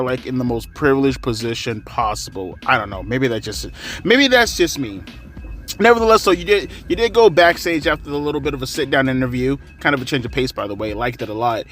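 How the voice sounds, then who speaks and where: A man's voice: mid-range voice, fairly bright tone. A man giving a casual, rambling wrestling recap, sarcastic and swearing freely. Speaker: wrestling commentary vlogger.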